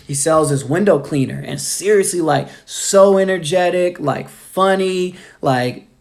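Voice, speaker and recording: Man, sales rep, upbeat casual live-stream pep talk; gravelly, slightly high voice. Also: unhurried. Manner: loose, filler-heavy, upbeat pep talk. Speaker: sales rep giving motivation.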